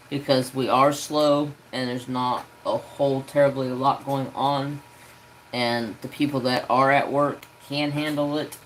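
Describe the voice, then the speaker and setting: A man's voice: mid-range voice, fairly bright tone, a little hiss or hum, rough recording. A man hosting a craft live stream, chatting casually and rambling easygoingly with many fillers.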